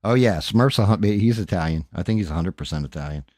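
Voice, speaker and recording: A man's voice: low-pitched, expressive, fast talker, darkish tone, no room sound, clean studio sound. A man hosting a casual livestream, talking in a profane, rambling, off-hand way. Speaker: streamer and host. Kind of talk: casual livestream chat while painting.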